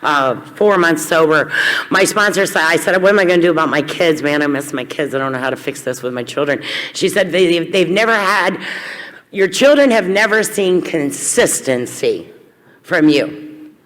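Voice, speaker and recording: Speaking to a meeting, a woman from Kentucky, USA, tells her personal recovery story candidly and wryly, with sudden bursts of energy. Her voice is fairly low, animated, and fairly bright, at a moderate pace, with long hall reverb on the recording.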